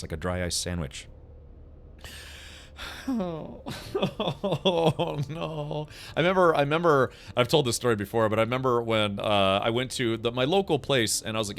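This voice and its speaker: A man's voice: mid-range voice, a bit bright. A man streaming a video game, chatting casually and telling a rambling story with frequent laughs. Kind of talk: casual gaming stream chat.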